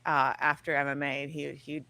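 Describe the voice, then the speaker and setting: A woman's voice: deep voice, little pitch movement, normal speed, bright, forceful tone, no room sound. A woman in her thirties chatting as an interview guest, rambling and leaning on fillers like "like". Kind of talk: casual interview chat.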